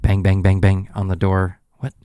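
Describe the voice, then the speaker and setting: Low voiced dude on a faith podcast, animated storyteller, dry sound. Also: male voice, a little slow, no echo. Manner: animated storyteller, acts out scenes. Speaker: podcast co-host. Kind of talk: casual Bible study chat.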